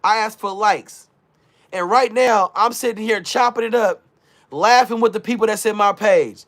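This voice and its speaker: Reading his chat's messages out loud, this man hosts a casual livestream, using slang and getting his viewers hyped. His voice sits high with a fairly bright tone, and he talks at a normal speed.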